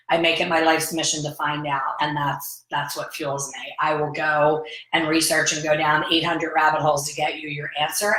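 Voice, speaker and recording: A woman's voice: sits low, fairly bright tone, reverberant, poor audio. A woman in her fifties, a hair color educator, chatting casually and telling stories with quoted dialogue. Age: 50s. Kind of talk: casual vlog chat.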